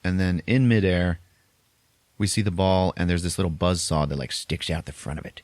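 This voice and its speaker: A man hosting a podcast and recapping a horror film in a casual way, animated and laughing often. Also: low voice, normal speed, no room sound. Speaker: podcast host.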